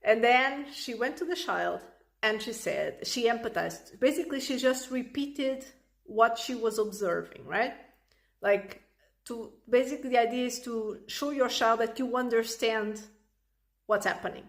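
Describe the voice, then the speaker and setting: A woman's voice: on the high side, moderate pace. A woman parenting coach explaining advice in a casual, chatty way, with frequent "like" and "right?" fillers. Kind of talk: casual explanatory talk to camera.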